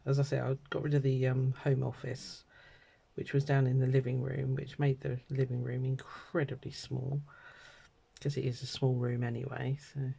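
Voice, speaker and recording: A middle-aged British woman with a croaky throat, chatting and rambling casually while she stamps and colours a card. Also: very deep voice, flat delivery, moderate pace, dark tone. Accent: British English. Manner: chatty and rambling, many ums and asides. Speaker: craft vlogger.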